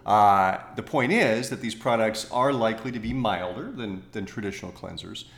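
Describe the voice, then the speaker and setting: Low-voiced man in a roomy space. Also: normal speed, gravelly. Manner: thoughtful, self-correcting, jokey asides. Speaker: podcast co-host. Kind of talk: casual science chat.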